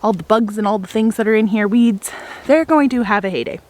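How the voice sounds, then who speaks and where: A woman's voice: medium pitch, fairly quick, darkish tone. A young woman chatting casually to the camera outdoors in her flower garden, upbeat and laughing often. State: a little out of breath. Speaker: flower farmer and homesteader. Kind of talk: casual vlog talking to camera.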